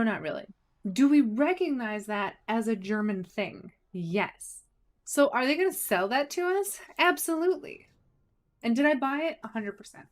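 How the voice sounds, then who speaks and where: Girl streaming a game, kinda high voice, chatty, asks herself questions and answers them. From United States. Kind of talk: casual livestream chat while gaming.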